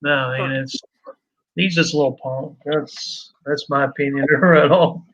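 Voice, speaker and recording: A man's voice: mid-range voice, fairly even intonation, measured pace, a bit bright. A man co-hosting a casual podcast, plain-spoken and dismissive. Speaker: podcast co-host. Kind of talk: casual chat. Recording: dull lo-fi audio.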